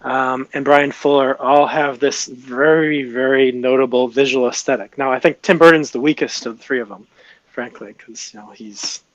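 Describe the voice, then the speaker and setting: A man playing a tabletop game, chatting casually in a halting way with restarts. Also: medium pitch, fairly even intonation, no room sound, highs cut off. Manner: halting, many restarts and fillers. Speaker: player. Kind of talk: casual chat at the gaming table.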